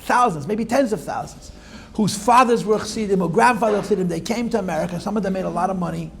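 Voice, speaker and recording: Older man teacher for a classroom talk, high pitched with a gravelly fry, wandering storyteller with wry asides.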